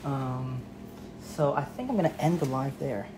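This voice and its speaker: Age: unknown. Sex: woman. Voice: quite low. Style: casual cooking livestream, chatty and rambling. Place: home kitchen with faint pan clatter behind. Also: animated, a little slow, background noise. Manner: chatty and rambling, self-correcting. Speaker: home cook hosting a live stream.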